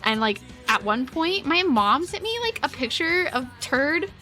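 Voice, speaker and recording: A woman's voice: high voice, sing-song, a little slow, pushed and bright, faint music behind. A young woman streaming, telling a long family story in a rambling, giggly way, peppering every phrase with "like". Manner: rambling, giggly, heavy use of "like". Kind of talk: casual storytelling to a live chat.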